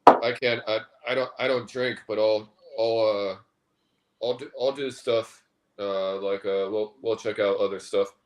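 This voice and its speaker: A man chatting casually in an easygoing way, quick to agree. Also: on the low side, steady tone, low-quality recording. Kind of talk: casual chat.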